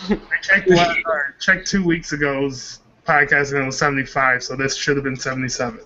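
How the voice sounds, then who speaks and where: A man's voice: mid-range voice, steady tone, a little fast, sharp tone. A man co-hosting a podcast in casual chat, offhand and joking. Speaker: podcast co-host. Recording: dull lo-fi stream audio with faint background noise.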